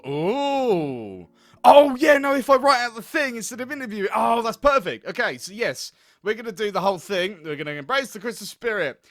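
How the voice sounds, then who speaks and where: A man's voice: high-pitched, sing-song, normal speed, fairly bright tone, faint music behind. A young man hosting a let's play, reading game text aloud and rambling with giggles as he thinks aloud. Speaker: gaming video host.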